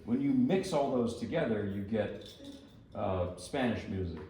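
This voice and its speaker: A man's voice: on the low side, lively intonation, measured pace, warm tone, recorded from a distance, a little hiss or hum. A man introducing pieces at a lecture recital, chatting casually with the audience and wandering into amused asides. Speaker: performer giving a lecture recital. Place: hall with live audience. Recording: echoey hall, speaker off-mic.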